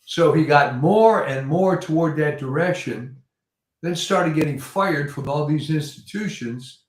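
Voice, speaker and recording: Guest guy, lots of ums, a bit high, echoey room. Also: a little slow, slight background noise. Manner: hesitant, many fillers. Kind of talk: casual conversation.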